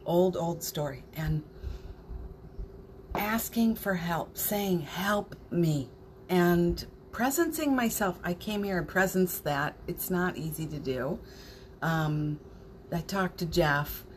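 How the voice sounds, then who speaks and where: Slow, tender woman hosting a morning stream. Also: fairly low pitch, animated, a little hiss or hum. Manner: warm, emotional, laughs and tears up. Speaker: host of a morning spiritual livestream. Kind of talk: casual spiritual chat reading viewer comments.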